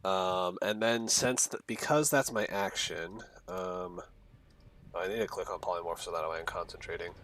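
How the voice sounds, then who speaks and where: Low-voiced man thinking aloud at the table. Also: normal speed, fairly bright tone. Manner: hesitant, thinks aloud with fillers. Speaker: player. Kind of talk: casual tabletop game talk.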